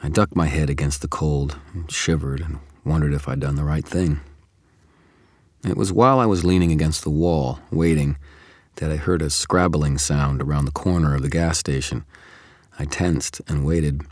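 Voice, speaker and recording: A man with an extremely low, booming voice reads a first-person audiobook chapter. His delivery is measured and steady, recorded close and dry with no room sound. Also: no echo. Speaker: audiobook narrator.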